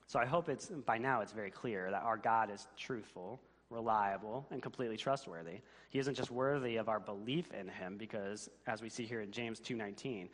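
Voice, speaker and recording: Earnest pastor preaching in a reverberant hall. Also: male voice, fairly low pitch, fairly quick, a bit bright. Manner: earnest, rising to emphatic questions. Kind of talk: sermon. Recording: long reverb of a church hall.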